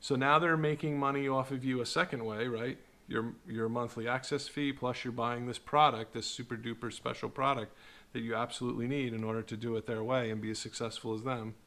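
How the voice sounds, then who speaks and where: A middle-aged man giving casual talking-head commentary, animated and sarcastic, tagging "right?" onto his points. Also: medium pitch, brisk. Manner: animated, sarcastic, mocks marketers in put-on voices; repeats "right?" to the viewer. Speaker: online video host.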